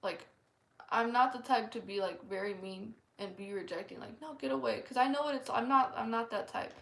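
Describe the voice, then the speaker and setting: A woman's voice: on the high side, moderate pace, fairly bright tone. A woman earnestly sharing a personal testimony in a casual, rambling way, full of "like" fillers. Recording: echoey room.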